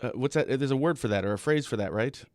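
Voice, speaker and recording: A man's voice: mid-range voice, fast, a little mellow, no echo. Brief: young male host from the midwest, joky, rambling questions, dry close sound. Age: young adult. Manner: joking, rambling questions with restarts. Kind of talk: casual live-stream interview.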